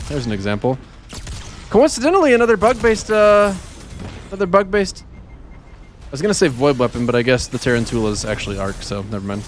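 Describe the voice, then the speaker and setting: A man's voice: medium pitch, slight background noise. A man streaming a game, rambling casually about words he says oddly and chatting with viewers as he plays. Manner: rambling, self-deprecating, chats with viewers while playing. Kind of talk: casual gaming stream chat.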